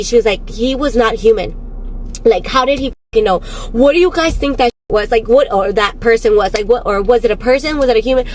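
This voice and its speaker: A woman casually retelling a friend's strange story in an animated way, quoting her often and swearing now and then. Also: on the high side, a little fast. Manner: frequent laughter and swearing.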